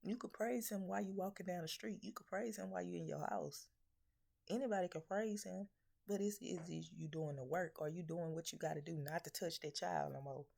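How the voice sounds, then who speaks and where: Gravelly, low-voiced scolding woman preacher. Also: a little fast, a little mellow. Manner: scolding, profane, confrontational; rhetorical questions. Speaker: spiritual reader. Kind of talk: blunt preaching message to viewers.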